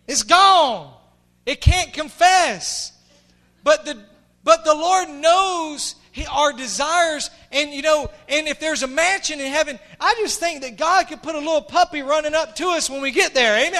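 Middle-aged pastor guy preaching, really high voice, gets quiet then yells, all fired up. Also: animated, normal speed. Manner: impassioned, swinging from hushed to shouting. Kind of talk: sermon.

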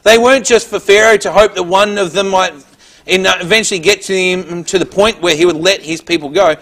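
A preacher with a high, a bit bright voice delivers a Bible teaching briskly and in a steady tone. He reads the scripture aloud first, then explains it plainly, occasionally restarting.

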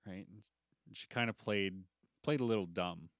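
A man's voice: lowish voice, a little slow, no room sound, clean studio sound. A young man co-hosting a podcast in casual, joking chat, rambling and laughing. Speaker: podcast co-host.

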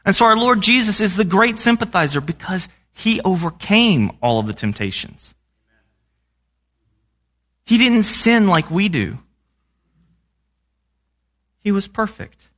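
A man's voice: sits high, very animated, a little slow, pauses often, fairly bright tone. A young man preaching a sermon in a conversational way, often asking the congregation questions.

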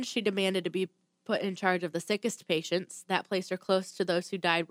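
A woman's voice: medium pitch, no room sound. A woman hosting a casual chat and telling a true crime story from notes, with blunt asides and the odd swear word.

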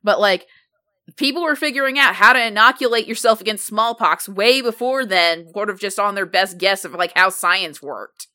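A woman co-hosting a casual podcast chat, talking with constant "like" fillers and quick asides. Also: mid-range voice, pushed and bright. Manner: chatty, leans heavily on "like", quick asides. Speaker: podcast co-host.

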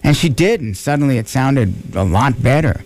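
A man's voice: medium pitch, lively intonation, moderate pace, darkish tone. New York man telling jokey stories. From New York (Bronx). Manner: storytelling, jokey asides. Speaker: actor and author guest. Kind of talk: casual interview chat.

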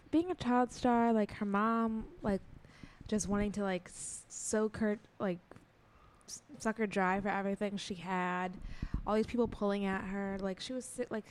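Chatty woman with faint background hum. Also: mid-range voice. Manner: agreeable, quick back-channel replies, chatty. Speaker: podcast co-host. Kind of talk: casual celebrity gossip chat.

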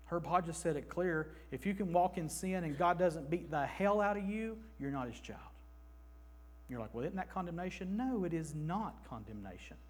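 Male pastor, high voice, emphatic sermon in a church, animated and punchy. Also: moderate pace.

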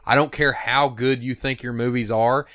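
A man's voice: mid-range voice, steady tone, moderate pace, fairly bright tone, dry recording, studio quality. A man co-hosting a casual chat, talking emphatically and with strong opinions, now and then swearing. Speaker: podcast co-host.

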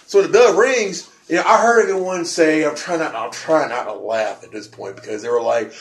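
A man telling a story in casual chat, excitable and rambling, often repeating words and restarting. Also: medium pitch, brisk, few pauses. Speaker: podcast co-host. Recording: echoey room with faint noise.

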